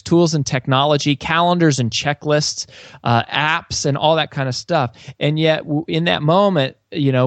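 A man's voice: a little high, no room sound. Earnest man telling a story. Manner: earnest, frequent restarts and fillers. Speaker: author and sales coach. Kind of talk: storytelling interview answer.

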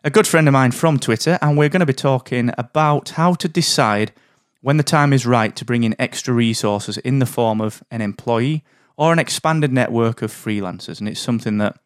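A man's voice: mid-range voice, no echo, clean studio sound. Upbeat man hosting a business podcast. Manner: upbeat, chummy, brisk introductions. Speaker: podcast host.

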